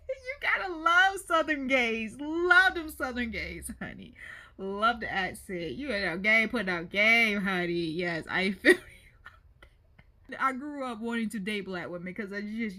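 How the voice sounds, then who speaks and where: A woman hosting a reaction video, chatting casually and expressively about the clips she watches. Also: mid-range voice. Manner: chatty, expressive, laughs often.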